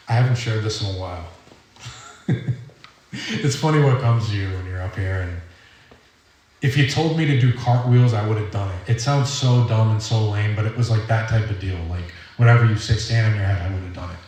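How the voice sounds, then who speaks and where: A young man with a Rhode Island accent giving an earnest, rambling personal testimony at a recovery meeting, halting often with fillers. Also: on the low side, a little mellow, recorded from a distance. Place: meeting hall. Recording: roomy hall audio from off-mic.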